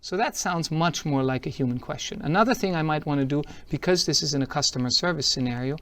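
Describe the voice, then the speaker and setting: A man's voice: fairly high pitch, fast talker, a bit bright, no room sound. A man giving a product demo talk at a tech conference. He is upbeat and explains each step as he shows it. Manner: upbeat, explanatory, walks through steps as he shows them.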